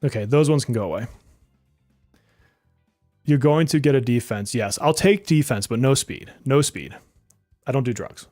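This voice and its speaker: A man's voice: medium pitch, normal speed, long pauses, a little mellow, no echo, studio quality, soft background music. A man streaming a game live, joking and exasperated, often swearing and laughing as he talks to his viewers. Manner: talks to chat viewers directly. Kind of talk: live-stream gaming commentary.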